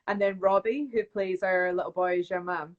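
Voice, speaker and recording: Woman, young, casual live chat, animated storyteller, phone video call. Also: on the low side, normal speed, muffled recording. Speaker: actress guest.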